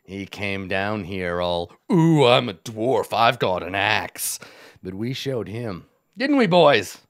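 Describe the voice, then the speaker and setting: A man doing a gloating goblin chief, slow and low. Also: expressive, no echo, clean studio sound. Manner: slow, gloating, conspiratorial drawl. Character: vain grinning male goblin chief Yek.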